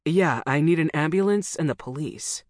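A woman's voice: low voice, moderate pace, a little mellow, no echo, clean studio sound. A woman voicing an alarmed male bystander in an audiobook, urgent and demanding.

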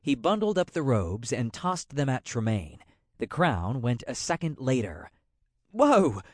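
A man narrating a fantasy audiobook in a measured, wry storytelling manner. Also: mid-range voice, very animated, no room sound, clean studio sound.

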